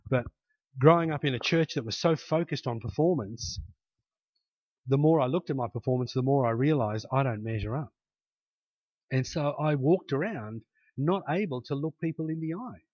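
A man's voice: mid-range voice, moderate pace, a little mellow, dry recording, dull audio. A man preaching a conversational sermon, telling stories and acting out the voices of the people in them, then building to emphatic exhortation. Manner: earnest storytelling, acts out quoted voices, builds to emphatic exhortation.

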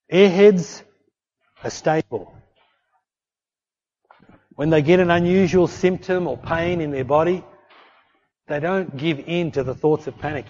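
A man preaching in a loose, conversational style, his voice sitting a little high for a man. He slips into quick acted voices as he tells stories. The recording sounds dull and lo-fi. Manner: conversational, animated, acts out voices in anecdotes. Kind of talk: sermon.

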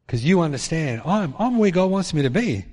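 A man preaching a sermon in an animated way, acting out the voices of people in his stories. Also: on the high side, moderate pace. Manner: animated, acts out quoted voices. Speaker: pastor. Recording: long hall reverb.

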